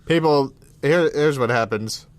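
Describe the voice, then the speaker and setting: A man's voice: medium pitch, measured pace, no room sound. Man teasing his co-hosts on a podcast. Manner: dry, teasing, steers the show. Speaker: podcast co-host. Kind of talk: casual comedy podcast banter.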